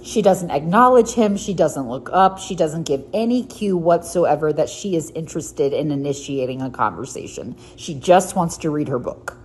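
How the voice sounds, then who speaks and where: A woman's voice: sits low, lively intonation, normal speed, few pauses, darkish tone, slightly rough. A woman telling a story in a vlog, chatty and wry.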